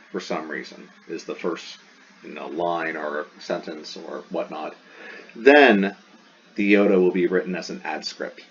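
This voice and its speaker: Deep husky-voiced male teacher. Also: fairly bright tone. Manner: explains step by step, repeating sounds aloud. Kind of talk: recorded classroom lecture. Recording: dull lo-fi sound.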